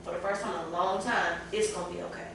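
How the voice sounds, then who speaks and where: A woman's voice: fairly low pitch, steady tone, fast, a bit bright. Candid mother in an echoey room. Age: adult parent. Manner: candid, tearful at times, colloquial. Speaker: podcast panel guest. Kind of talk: emotional casual panel talk. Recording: echoey room, far from the mic, clear room noise.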